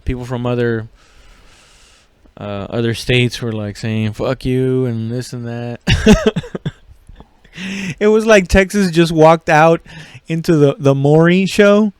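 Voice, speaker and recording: A man's voice: mid-range voice, slow pace, long pauses, smooth, dry recording. A man hosting a comedy podcast, rambling and swearing casually with lots of fillers and laughs. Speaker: podcast host.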